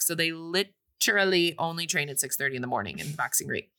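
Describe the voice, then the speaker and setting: A woman casually retelling a film's plot on a podcast, animated and breezy. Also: sits low, fast. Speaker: podcast co-host recapping a film. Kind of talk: casual recap chat.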